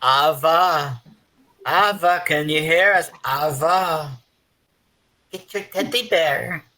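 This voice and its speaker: A man's voice: on the high side, slow, poor audio. A man hosting a live video call, chatting casually and telling teasing stories about his guests. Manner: lively storyteller who teases guests. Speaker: livestream host.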